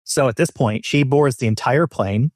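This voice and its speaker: A man hosts a podcast and tells a story in loose, casual chat. He is animated and swears freely, voicing the people he quotes. His pitch sits in the middle and the sound is dry. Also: moderate pace, no room sound. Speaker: podcast host.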